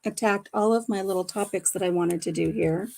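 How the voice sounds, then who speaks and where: A woman's voice: medium pitch, a little fast, creaky, mellow. A middle-aged woman hosting a casual home livestream on her phone, chatty and laughing often as she retells conversations. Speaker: livestream host. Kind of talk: casual chat.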